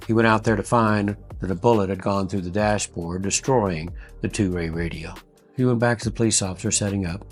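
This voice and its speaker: Low-voiced man narrating a heartfelt story. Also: steady tone, soft background music. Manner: slow, earnest, folksy storytelling. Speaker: host.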